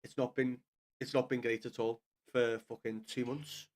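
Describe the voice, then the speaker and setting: A man's voice: mid-range voice, flat delivery, moderate pace. A man with a Scouse accent giving sweary, frustrated live commentary to viewers as he watches a football match from a small home studio. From Liverpool, England.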